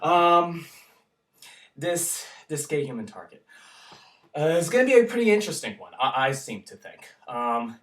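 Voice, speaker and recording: A hyper, excitable man vlogging and ranting, swearing freely and giggling as he talks. His voice is bright and swings widely in pitch. He sounds distant from the mic in an echoey room. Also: normal speed. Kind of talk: casual hyper vlog rant.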